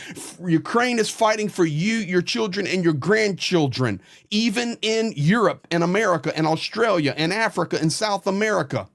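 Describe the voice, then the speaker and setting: Male host, fairly high voice, blunt frustrated rant to camera. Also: vocal fry. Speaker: host, volunteer supporter. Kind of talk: impassioned direct-to-camera commentary.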